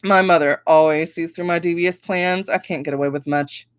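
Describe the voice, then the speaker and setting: Woman reading her novel aloud, lowish voice. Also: normal speed, clean tone, no room sound. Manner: expressive first-person storytelling. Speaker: author reading her book.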